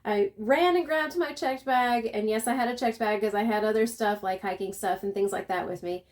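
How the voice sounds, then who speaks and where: A woman's voice: medium pitch, moderate pace. A woman with a Southern accent, chatting casually as a travel vlogger and telling a long story with lots of fillers and restarts.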